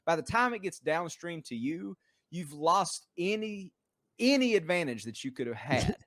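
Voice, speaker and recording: A man's voice: on the high side, very animated, a little fast, fairly bright tone, no echo. A man speaking as a guest on a casual podcast who rants emphatically about gambling. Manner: emphatic, ranting. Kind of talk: casual chat.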